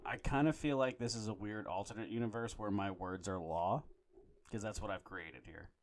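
A man's voice: fairly low pitch, moderate pace, a little hiss or hum. Profane, exasperated ranting man. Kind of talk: casual chat, ranting.

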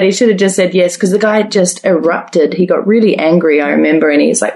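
A woman from New Zealand, a podcast guest telling a travel story, animated and laughing often. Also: medium pitch, quick pace, few pauses. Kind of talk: storytelling in an interview.

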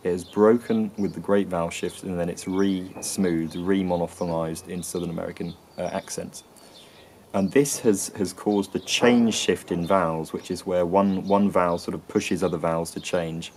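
An English man with an English accent explaining accents and sounds in a lesson, often pausing with ums and restarting phrases. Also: deep voice, steady tone, darkish tone, a little hiss or hum. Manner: hesitant, frequent ums and restarts. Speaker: accent and linguistics presenter.

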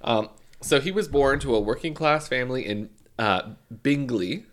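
A man's voice: mid-range voice, moderate pace, a bit bright. A man co-hosting a podcast, chatting loosely and telling a true crime story with jokes and swearing. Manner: swearing, joking, loose and offhand. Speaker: podcast co-host.

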